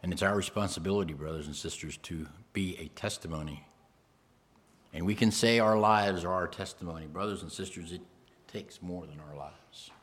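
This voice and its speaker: A man's voice: deep voice, normal speed, a bit bright. A man preaching a sermon, emphatic, repeating phrases and speaking straight to the congregation.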